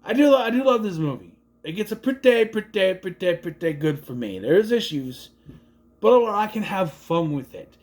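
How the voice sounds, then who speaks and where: A young adult man casually recapping and reviewing a movie, rambling and jumping into quick impressions of the characters. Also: sits high, big pitch swings.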